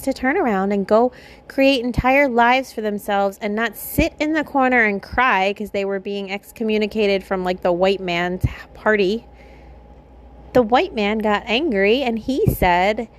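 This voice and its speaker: A woman's voice: medium pitch, unhurried. Impassioned woman podcast host. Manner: impassioned, with pointed rhetorical questions; blunt and casually profane. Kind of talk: spiritual podcast monologue.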